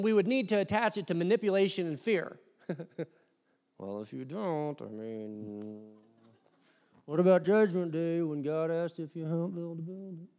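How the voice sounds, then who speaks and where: A young adult man preaching a sermon, animated, acting out voices and swinging from loud to hushed. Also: high voice. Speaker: pastor. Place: church hall.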